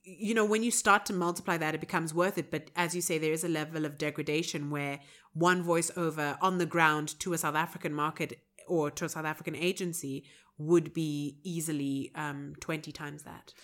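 A woman's voice: sits low, steady tone, normal speed, a bit bright. Teasing woman podcast co-host. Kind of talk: casual chat.

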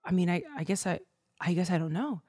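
A woman voicing a reluctant, mercenary male soothsayer who talks low in hedging, casual slang. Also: brisk, a little mellow, breathy edge, dry recording, studio quality. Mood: hesitant.

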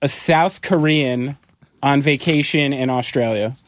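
A man's voice: mid-range voice, a little slow, slight background noise. A man who plays in a band, chatting casually in a loose, jokey way, swearing and laughing easily. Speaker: musician. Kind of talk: casual chat.

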